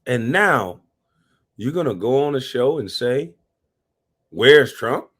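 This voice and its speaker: A man hosting a live reaction stream, talking animatedly, cursing and giving shout-outs to his chat. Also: medium pitch, animated, measured pace, husky. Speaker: livestream reaction host.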